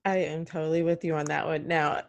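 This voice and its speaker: A woman's voice: sits low, level tone, brisk, no room sound. A woman hosting a casual podcast interview, giggly and self-deprecating as she talks. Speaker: podcast host.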